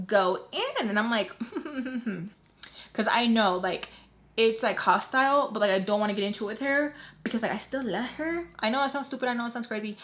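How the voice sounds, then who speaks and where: Young woman in her 20s doing a storytime, slangy and chatty, lotsa "like", kinda high voice. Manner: animated, slangy retelling with many fillers. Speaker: storytime vlogger. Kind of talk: casual storytime while doing makeup.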